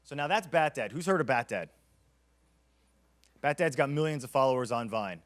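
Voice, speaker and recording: A man giving a conference keynote, energetic and storytelling, acting out quotes as he goes. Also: medium pitch, normal speed, very noisy. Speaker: keynote speaker.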